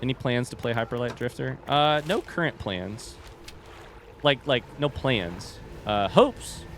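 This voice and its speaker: A man's voice: medium pitch, measured pace, fairly bright tone, a little hiss or hum. A man streaming a game live, chatting casually and rambling to his viewers. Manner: rambling, chatty, addresses chat directly. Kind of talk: casual livestream chat while gaming.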